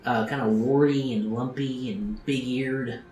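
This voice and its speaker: A man running a tabletop role-playing game at a mid-range pitch. He describes scenes haltingly, with plenty of fillers, and his voice sounds roomy with music playing behind it. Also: steady tone, darkish tone. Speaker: game master.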